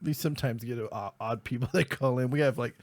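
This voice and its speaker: A man's voice: medium pitch, a little fast, darkish tone, no room sound. A man hosting a casual comedy talk show, laughing often between lines. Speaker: podcast host.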